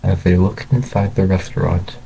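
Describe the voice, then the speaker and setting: A man's voice: sits low, completely flat delivery, normal speed, vocal fry, mellow, a little hiss or hum, rough recording. A man reading a fan story aloud, who stumbles and repeats words as he goes. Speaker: story reader.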